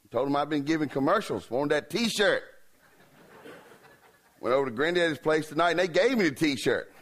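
A man, a revival preacher telling a joke story in a folksy, joking way. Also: fairly high pitch. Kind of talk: humorous sermon storytelling.

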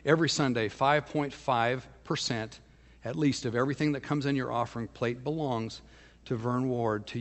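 Man, pastor, emphatic storytelling sermon, mid pitch, long hall reverb. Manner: storytelling, emphatic, dropping to a hushed voice for intimate points.

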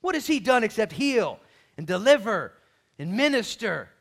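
An exasperated, incredulous governor, as a preacher puts him on, calling out loudly and high over an angry crowd. His voice swings wide and sounds bright and forceful, with a gravelly edge. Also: big pitch swings, moderate pace, heavily acted. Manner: loud, incredulous, rising pitch. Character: exasperated Roman governor pleading with a mob.

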